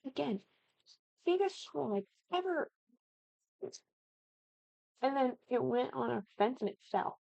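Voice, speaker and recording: A young woman from the Midwest talks through a game build in a chatty, animated way, breaking into excited exclamations. Her voice sits a bit high with a gravelly fry, and the recording is dry and slightly dull, as if from a desk mic. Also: unhurried, long pauses, dry recording. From American Midwest. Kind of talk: casual gaming commentary.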